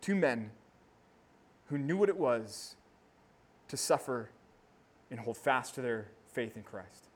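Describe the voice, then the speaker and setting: A man preaching a sermon as pastor, animated and swelling up to near shouting when he quotes battle speeches. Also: mid-range voice, takes it slowly, pauses often, husky.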